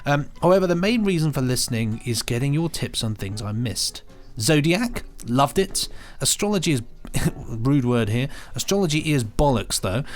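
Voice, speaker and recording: A man's voice: medium pitch, lively intonation, moderate pace, hardly any pauses. A man co-hosting a podcast, reading out listener emails in a chatty way. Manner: reads emails, chatty, laughs often. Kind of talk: casual chat.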